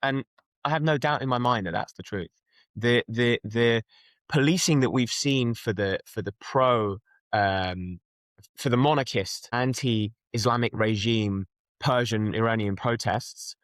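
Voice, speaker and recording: A man's voice: mid-range voice, a little slow, dry recording. A young man from London, speaking earnestly and emphatically as an interview guest, often restarting his sentences. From London, England. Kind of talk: conversational interview.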